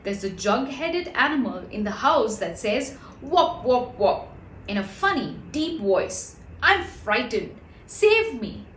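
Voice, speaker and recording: A woman's voice: on the high side, big pitch swings, measured pace, fairly bright tone, a little hiss or hum. A woman voicing a timid young female dog in a storybook, speaking fearfully. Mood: frightened. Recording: roomy echo.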